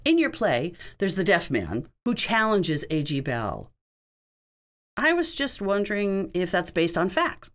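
A woman's voice: on the low side, very animated, unhurried. A woman working as a sign language interpreter, voicing a signed question-and-answer session in a conversational, explanatory way, in short spoken phrases.

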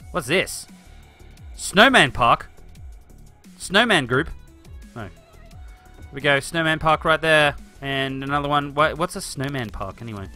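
A man live-streaming a city-building game, chatting excitably and reading viewer comments aloud. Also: medium pitch.

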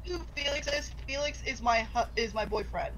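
A woman's voice: high-pitched, moderate pace, a bit bright. A young woman in casual group chat, giggly and teasing, talking as a streamer with friends. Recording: noisy home mic.

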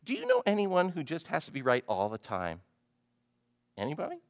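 A male pastor preaching a sermon, animated, often putting questions to the congregation. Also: a little high, a little fast, vocal fry.

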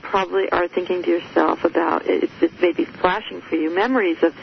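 A woman radio host speaks earnestly, pressing her points with firm emphasis. Her voice has a gravelly edge. The broadcast sound is muffled, with a faint hiss behind it. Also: on the low side, steady tone. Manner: earnest, emphatic, halting with fillers. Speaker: radio show host, psychologist. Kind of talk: radio interview.

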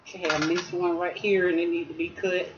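A woman's voice: lowish voice, flat delivery, a little fast, noisy background. A woman chatting through a casual craft tutorial at home, talking straight to her viewers. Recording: slightly dull lo-fi sound.

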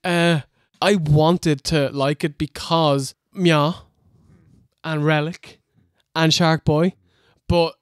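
A man's voice: sits high, takes it slowly, clear, resonant tone, dry recording. A man co-hosting a casual review chat, ranting mockingly and laughing often. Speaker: co-host.

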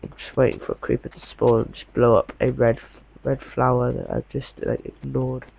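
A man's voice: medium pitch, level tone, normal speed, creaky, husky, narrow, tinny audio. A man giving casual, chatty gameplay commentary, muttering to himself and swearing mildly as he plays.

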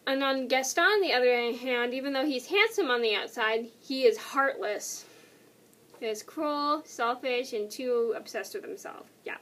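A woman's voice: high voice, normal speed, a bit bright. A young woman vlogging casually, answering questions in a rambling, self-correcting way and sounding tired. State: tired and yawning. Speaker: YouTuber.

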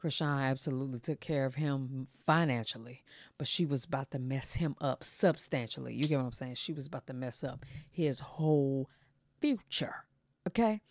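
Sassy low-voiced woman host. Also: steady tone, darkish tone, dry recording. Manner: sassy, drawn-out asides. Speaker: gossip show host. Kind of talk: casual commentary.

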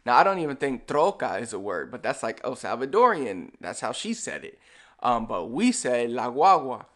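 A man's voice: mid-range voice, moderate pace. Chatty young man teaching a lesson. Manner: relaxed and chatty, with frequent fillers and "all right"; speaks to the viewer directly, explaining step by step. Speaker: Spanish language teacher. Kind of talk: casual video lesson.

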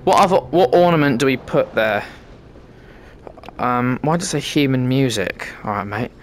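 A British gamer content creator offers cheeky, sweary, casual commentary while playing a VR game. His medium-pitched voice has lively intonation at a moderate pace, with slight background noise.

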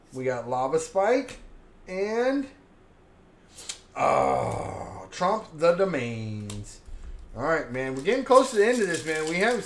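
A man hyped up while opening card packs, counting out loud and calling out each card he pulls. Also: fairly high pitch. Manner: hyped, counts cards aloud, names each pull. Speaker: card pack opener. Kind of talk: casual card-opening commentary. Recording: roomy echo, faint background hum.

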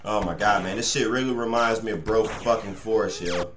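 A man's voice: on the low side, moderate pace, a bit bright, faint music behind. A young man giving let's play commentary, frustrated, swearing a lot and rambling to his viewers. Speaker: gaming channel host. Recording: echoey room.

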